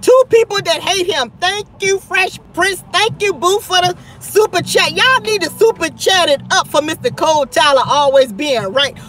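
High-pitched, animated gossiping woman host. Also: normal speed, hardly any pauses. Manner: animated, gossipy, full of "child" and "honey". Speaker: live-stream host. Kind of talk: casual live-stream chat.

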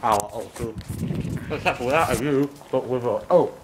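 A young man with an English accent, making jokey deadpan quips to a friend while walking outdoors. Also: medium pitch, moderate pace. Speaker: friend of the vlogger. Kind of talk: casual banter. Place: outdoors on a street. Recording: loud outdoor noise, off-mic.

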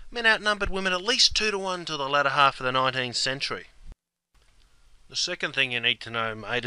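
Brief: Australian male slang teacher, laid-back and jokey, very bright tone, dry close mic. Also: medium pitch, clean tone, no echo. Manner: laid-back, slang-heavy, keeps saying mate. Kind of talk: comedic scripted explanation.

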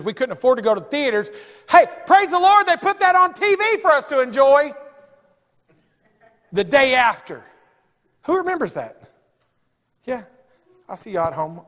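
A middle-aged pastor, preaching a sermon with humorous stories, swinging from loud outbursts to low asides. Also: male voice. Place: church sanctuary. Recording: long hall reverb.

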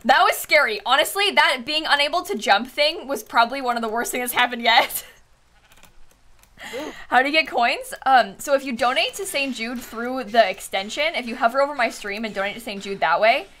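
Excitable high-voiced woman streamer. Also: a little fast. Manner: excitable, swings from shrieks to low mutters. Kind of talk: live game stream chatter.

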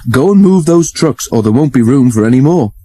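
A man's voice: medium pitch, expressive, brisk, dark tone, no echo, voice pushed up, close to an everyday voice. A man voicing a kindly, good-humoured older male engine in a storybook reading.

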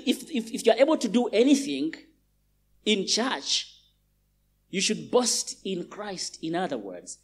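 A male pastor from Uganda preaching a sermon in a large church, emphatic and repeating phrases for stress. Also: sits high.

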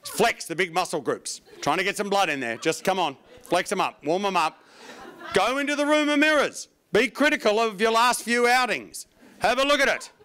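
A man's voice: sits high, normal speed, smooth. A man performing a stand-up comedy routine, wry and profane, telling stories with lots of energy. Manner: wry, profane, animated storytelling.

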